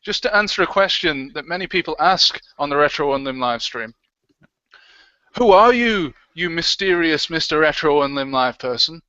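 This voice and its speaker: A man's voice: fairly high pitch, fairly quick, few pauses, bright, forceful tone, clear, resonant tone, dry recording. A man co-hosting a livestream, chatting casually and jokily and reading out viewer comments. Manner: jokey, chatty, reads out comments. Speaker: livestream co-host. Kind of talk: casual chat. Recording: dull, lo-fi stream audio.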